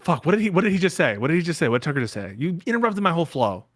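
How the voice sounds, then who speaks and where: A man reacting to clips in a casual, sarcastic, joking way. His mid-pitched voice swings around a lot, recorded dry and close. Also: very animated, racing, no room sound. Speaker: stream guest commentator.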